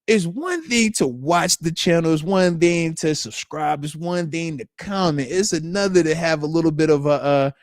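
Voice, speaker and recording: Male live-stream host in his thirties, slangy and teasing, high voice, dry close sound. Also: moderate pace, hardly any pauses, dry recording. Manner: animated, slangy, teasing, says man a lot. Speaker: live show host, retired football player. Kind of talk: casual live-stream chat reading comments.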